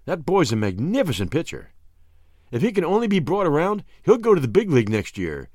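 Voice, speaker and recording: This audiobook narrator reads a first-person novel a little fast, his expressive storytelling marked by wide pitch swings. The recording is dry, with clean studio sound.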